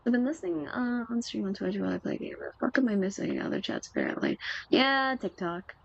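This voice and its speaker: A young adult woman streaming a game in a soft-spoken ASMR manner, teasing and chatting lazily with her viewers. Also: a little high, sing-song, fast, gravelly, slightly rough, no room sound, lo-fi sound.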